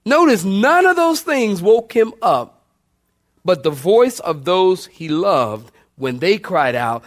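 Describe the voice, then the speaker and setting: Preaching slowly, a male pastor lets his voice rise and fall dramatically in both pitch and volume, with especially big pitch swings, as he calls out to the congregation.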